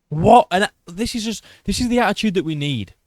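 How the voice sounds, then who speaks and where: A man hosting a casual commentary, excitable and profane, rambling with restarts. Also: sits high, moderate pace, dry recording, clean studio sound. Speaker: host.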